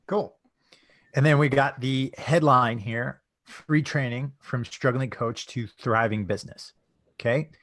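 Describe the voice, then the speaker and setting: A chatty man walks viewers through an example in a casual live webinar, checking in with a quick "right?" as he goes. His voice sits at an ordinary pitch and is recorded dry and close, with no room echo. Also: steady tone, a bit bright. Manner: chatty, tags sentences with "right?". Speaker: webinar presenter.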